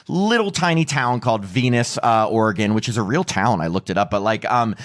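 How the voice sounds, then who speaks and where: A man's voice: lowish voice, animated, fairly quick, fairly bright tone. A man hosting a podcast, chatting casually in a rambling way full of fillers and laughs. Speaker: podcast host. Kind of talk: casual chat.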